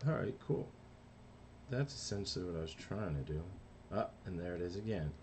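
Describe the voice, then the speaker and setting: Animator streamer, easygoing rambling talk, animated delivery. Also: male voice, low voice, brisk, slight background noise. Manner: rambling, self-talk while working. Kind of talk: casual live-stream chat.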